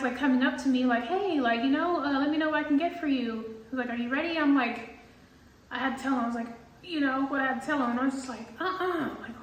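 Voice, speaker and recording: High-pitched woman ranting casually, lots of swearing, echoey room, mic a bit far off. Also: slight background noise. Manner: animated, swearing, lots of filler words. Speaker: tarot reader. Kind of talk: casual storytime vlog chat.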